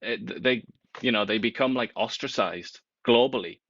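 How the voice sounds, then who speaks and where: A man co-hosting a casual political chat, talking in an animated, wry way with big swings in pitch. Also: moderate pace, highs cut off.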